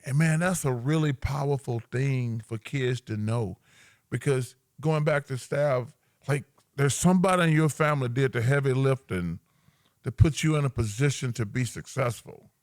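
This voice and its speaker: A middle-aged man co-hosting a podcast, telling rambling, animated stories with big laughs in casual banter. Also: mid-range voice, moderate pace, no room sound, studio quality. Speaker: podcast co-host.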